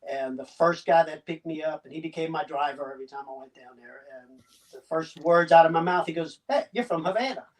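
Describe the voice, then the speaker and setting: A man's voice: fairly high pitch, steady tone. Older man with a slight Southern accent. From Cuba. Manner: halting, chuckling, many restarts. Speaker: guest. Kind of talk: casual interview storytelling. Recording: distant mic.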